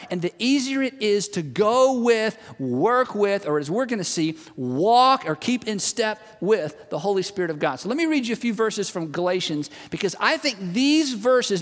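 A man preaching a sermon to a large congregation, telling stories in a relaxed, conversational way and retelling a friend's words. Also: sits high. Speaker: pastor. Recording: long reverb of a large hall.

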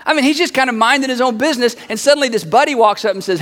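A man preaching a sermon, telling the story with lively, acted-out quoted voices. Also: very high voice, rapid-fire, few pauses, big-room sound. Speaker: pastor.

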